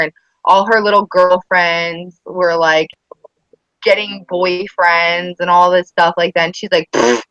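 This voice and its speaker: A mother of schoolchildren chats casually on a podcast, telling animated stories and acting out the quotes. Her voice is lowish, and the dry recording has poor audio.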